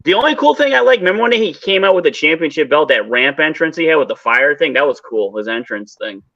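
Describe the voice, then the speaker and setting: A man chatting in a loose group conversation, joking around with a lively, swinging voice. His pitch sits a little high, and the recording sounds slightly muffled and dry. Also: fast talker, no echo. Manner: jokey, animated, laughs often. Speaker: watch party co-host. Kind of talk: casual group chat about wrestling.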